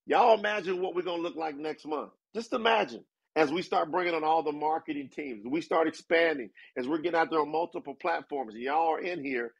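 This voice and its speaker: A man hosting a live audio room, pitching a deal to listeners in a hyped, preacherly way. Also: gravelly, breathy edge, low-quality recording. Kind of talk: animated sales pitch to listeners.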